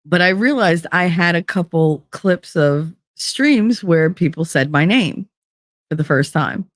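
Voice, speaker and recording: A woman's voice: lowish voice, animated, a little slow, dry recording, studio quality. A woman live streamer in casual chat, rambling from one story to the next, giggling and swearing freely.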